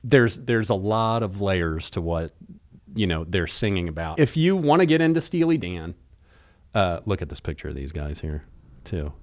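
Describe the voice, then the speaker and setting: A man's voice: deep voice, animated, normal speed, no room sound, studio quality. A man co-hosting a podcast, chatting casually and thoughtfully about music, rambling with restarts. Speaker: podcast co-host.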